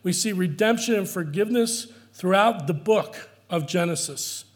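Male pastor, high voice, earnest emphatic sermon delivery, repeats key lines. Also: moderate pace.

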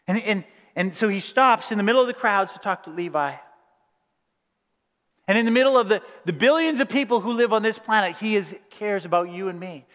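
A male pastor preaches a sermon in an animated storytelling style, often restarting his phrases as he goes. His voice sits high, and it rings out in a church with a long hall reverb.

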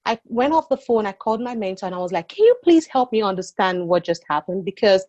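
A woman who immigrated to Canada, sharing her experiences as a podcast guest in a lively storytelling way. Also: mid-range voice, quick pace, no room sound, highs cut off. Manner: animated, acting out quoted exchanges. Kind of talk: personal storytelling.

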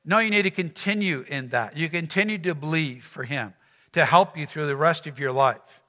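A man's voice: fairly high pitch, moderate pace, pushed and bright, big-room sound. A man preaching a sermon as pastor, earnest, repeating phrases and asking the congregation rhetorical questions.

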